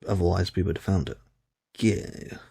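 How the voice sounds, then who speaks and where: Man co-host, deep husky voice, short casual comments, dry sound. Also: lively intonation, normal speed, mellow, dry recording. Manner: brief, casual remarks. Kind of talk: commentary on a clip.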